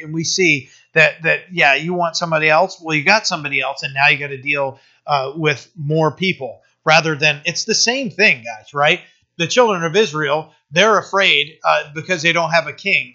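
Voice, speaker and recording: A man's voice: on the high side, sharp tone. A man pastor teaching a Bible passage in a casual, conversational way, with many fillers and restarts. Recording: dull lo-fi recording.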